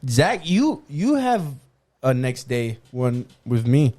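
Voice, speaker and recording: A man co-hosting a podcast, talking through his thoughts in a loose, rambling way. He leans on fillers and drops in swear words. His voice has a middle pitch. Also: big pitch swings, slow pace, warm tone. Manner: rambling, reflective, heavy with fillers and profanity. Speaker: podcast co-host. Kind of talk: casual chat.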